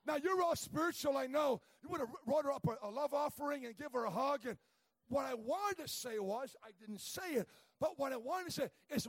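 A man preaching a sermon as a story, animated and shouting in acted-out rants, with stammering restarts. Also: very high voice, a little fast, no room sound, rough recording.

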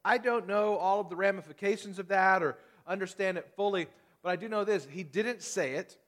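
A pastor preaching a sermon in a conversational way, putting questions to his congregation. His voice is a man's, pitched a little higher than most. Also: a little fast, fairly bright tone.

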